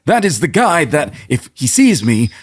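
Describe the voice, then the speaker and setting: A man playing in a tabletop role-playing game, chatting excitedly about his character's situation. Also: on the high side, moderate pace, slightly rough, no echo, clean studio sound. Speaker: player. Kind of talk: casual tabletop play.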